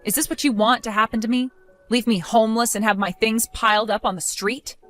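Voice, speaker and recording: A woman voicing a spiteful older mother-in-law who insults and orders her daughter-in-law around, in an animated story drama. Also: a little high, a little fast, faint music behind, close to an everyday voice. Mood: scornful. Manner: insulting, accusing, domineering.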